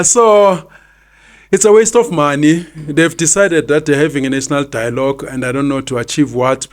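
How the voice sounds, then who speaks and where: A South African man in his fifties hosting a podcast, giving opinionated commentary and hammering home his points by repeating them. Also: mid-range voice. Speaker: podcast host.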